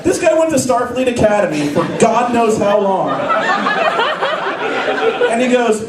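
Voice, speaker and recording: A man doing live stand-up comedy on a convention stage, ranting with animated, profane energy. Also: very high-pitched, unhurried, heavy background noise. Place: convention stage, large hall. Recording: echoey hall recording, mic far off. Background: audience laughing.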